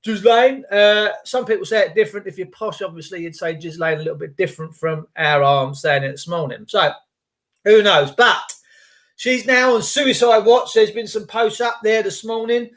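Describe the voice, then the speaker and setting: A man's voice: high voice, moderate pace, fairly bright tone. A middle-aged man rambling on a morning livestream, greeting viewers by name and swearing casually. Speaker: livestream host.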